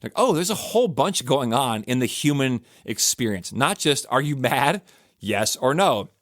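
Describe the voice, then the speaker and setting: A man's voice: mid-range voice, sing-song, normal speed, dry recording, clean studio sound. A man hosting a church podcast, telling stories in a loose, rambling way with many fillers and restarts. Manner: rambling, self-correcting storyteller with frequent fillers. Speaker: pastor and podcast host. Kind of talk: casual podcast talk.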